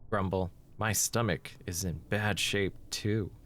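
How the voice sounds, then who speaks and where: A man's voice: low voice, steady tone, takes it slowly, a bit bright, slight background noise. Frightened teen schoolgirl, anxious and lost, horror game, a man doing her lines. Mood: fretful. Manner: anxious, fretful.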